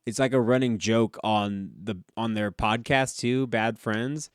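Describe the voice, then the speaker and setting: A man's voice: mid-range voice, steady tone, measured pace, smooth, no room sound, studio quality. A man co-hosting a casual podcast, laid-back and swearing freely as he retells TV scenes. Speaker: podcast co-host. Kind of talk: casual chat.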